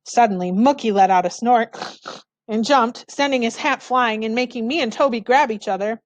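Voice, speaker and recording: A woman's voice: fairly high pitch, moderate pace, dry recording. A woman reading a children's novel aloud, narrating expressively in the first person. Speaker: storybook reader.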